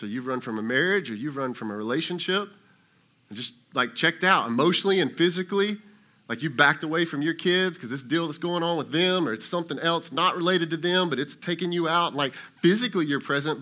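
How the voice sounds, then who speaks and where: A man's voice: on the high side, pushed and bright. A male lead pastor preaching a sermon in a casual, conversational way, sometimes acting out voices of God and Elijah.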